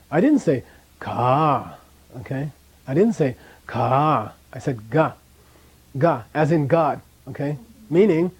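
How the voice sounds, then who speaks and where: A man's voice: on the high side, a little mellow, slightly rough. A man teaching a language class in a classroom, chatty, often checking in with "okay?" and drilling pronunciation.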